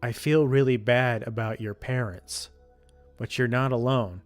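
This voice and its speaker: A man reading the lines of an earnest young female college student who pleads with a friend, keeping his own mid-pitched voice. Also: steady tone, a little slow, soft background music, lightly acted. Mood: pleading.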